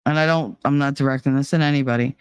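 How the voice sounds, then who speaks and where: This channel host, a woman in her thirties, has a bass voice that's clear and resonant, with a steady tone and quick pace and no echo. She chats casually from a home room with a heater, cursing bluntly and laughing a lot.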